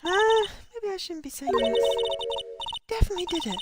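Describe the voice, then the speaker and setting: A woman voicing an excitable young female sidekick who blurts things out, with game music underneath. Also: extremely high pitch, moderate pace, voice pushed up. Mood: blurting.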